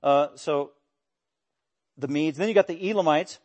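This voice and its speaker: Male pastor, sermon, emphatic, lively delivery, slightly high voice. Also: unhurried, highs cut off. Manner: animated, emphatic preaching with bursts of raised voice; drops into mimicking voices for quoted speech. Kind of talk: expository sermon.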